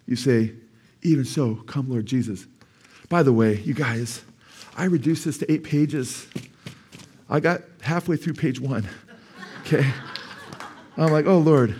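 A middle-aged man preaching a sermon as pastor in a church, emphatic, rising to loud peaks and asking the congregation questions. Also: medium pitch. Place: church sanctuary.

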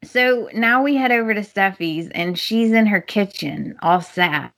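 Woman podcast cohost, slow easygoing recap of soap scenes, acting out lines. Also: mid-range voice, fairly bright tone. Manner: acts out characters' lines while recapping. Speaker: podcast co-host. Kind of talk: casual chat recapping a soap opera.

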